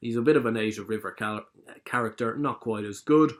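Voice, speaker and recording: A man's voice: on the low side, a little fast. A man giving his casual, opinionated views on the week's horse racing, often correcting himself mid-sentence. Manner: chatty, opinionated, self-correcting. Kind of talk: casual solo racing talk.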